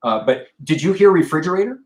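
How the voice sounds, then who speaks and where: A man's voice: on the high side, lively intonation, fast talker. Echoey-voiced man explaining at length. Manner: rambling, explains with restarts. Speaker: paranormal investigator guest. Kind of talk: casual podcast discussion.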